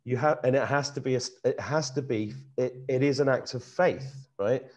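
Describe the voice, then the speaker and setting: A man's voice: medium pitch, moderate pace, dull audio. Earnest middle-aged British man telling a story. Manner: earnest, animated, repeats himself while searching for words. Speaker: host. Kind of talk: casual conversational storytelling.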